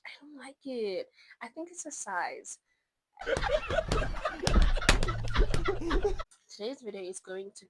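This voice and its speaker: A woman's voice: medium pitch, no room sound, low-quality recording. Chatty young woman with a dry close sound. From South Africa. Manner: chatty, rambling, animated asides. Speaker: book vlogger. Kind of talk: casual chat.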